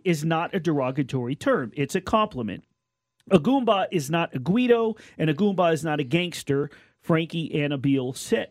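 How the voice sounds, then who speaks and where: With a slightly high voice, this sports radio co-host of Colombian and Lebanese background lays out his argument at length, restarting now and then, casual yet earnest. The studio-quality recording is dry.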